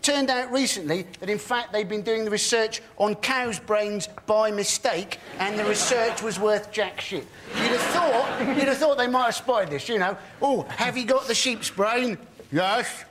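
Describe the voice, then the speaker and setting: A man comedian on a panel show, telling jokes in a sardonic, deadpan way. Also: sits high, moderate pace, few pauses. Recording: noisy studio.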